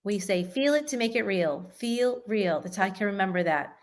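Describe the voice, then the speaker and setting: A woman with a voice of middling pitch guides listeners through a slow breathing meditation. She gives calm, step-by-step instructions and often tags her lines with a quick "right?". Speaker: meditation teacher.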